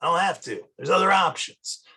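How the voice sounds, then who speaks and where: Husky-voiced male psychology teacher. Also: a little high, lively intonation, a little fast, pushed and bright, rough recording. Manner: casual, anecdotal, acts out examples. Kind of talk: classroom lecture.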